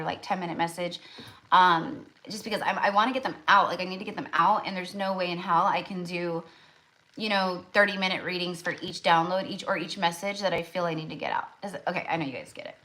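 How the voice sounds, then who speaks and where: A woman talks viewers through a tarot card pull in a loose, rambling way. Her voice is bright and forward, and she keeps starting over and scattering "like" through every sentence. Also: lowish voice, poor audio. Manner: rambling, full of "like" and restarts. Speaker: tarot reader. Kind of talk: casual tarot reading for viewers.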